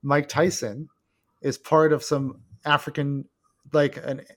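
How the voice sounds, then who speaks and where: A man in casual movie chat who recaps a plot haltingly and laughs often. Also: on the high side, level tone.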